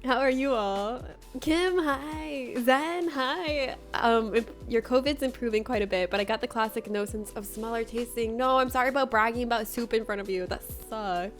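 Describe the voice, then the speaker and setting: A woman's voice: a little high, normal speed, faint music behind. A young woman streamer chatting casually with her viewers, bubbly and laughing often as she greets them by name. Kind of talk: casual livestream chat with viewers.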